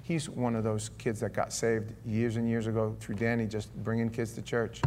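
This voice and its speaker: A man's voice: on the low side, monotone, moderate pace, few pauses, a little mellow, a little hiss or hum. A man preaching in a church, telling a personal testimony in a conversational, emotional way with frequent restarts. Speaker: pastor. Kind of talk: sermon testimony.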